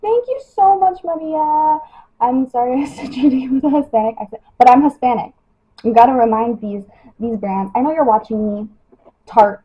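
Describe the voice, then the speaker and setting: A young woman with a slightly husky, fairly high voice talks to her followers in a loose, rambling way, full of fillers. The sound is dull and lo-fi, like a phone livestream. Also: lively intonation, normal speed, warm tone. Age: young adult. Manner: chatty, lots of "like" and "you know". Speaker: model livestreaming her skincare routine. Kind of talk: casual livestream chat.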